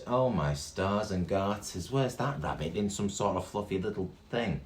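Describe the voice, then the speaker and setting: A man reading a story aloud to children, animated and full of gasps and exclamations. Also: on the high side, brisk, few pauses. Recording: echoey room with faint guitar.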